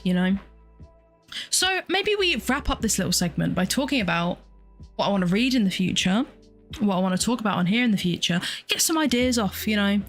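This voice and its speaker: A young woman, hosting a casual solo chat. She rambles, exclaims often and laughs a lot. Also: medium pitch. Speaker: podcast host and streamer.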